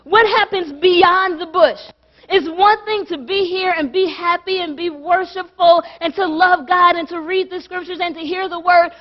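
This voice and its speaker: A woman pastor preaching a dramatic sermon in a church, repeating phrases and acting out the voices of the people in her story. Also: very high voice. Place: church sanctuary. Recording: dull lo-fi church recording.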